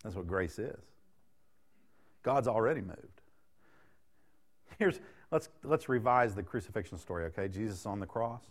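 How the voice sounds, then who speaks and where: A man's voice: on the low side, lively intonation, moderate pace, pauses often. A man in his thirties preaching a sermon in a folksy, conversational way, throwing questions out to the congregation. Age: 30s.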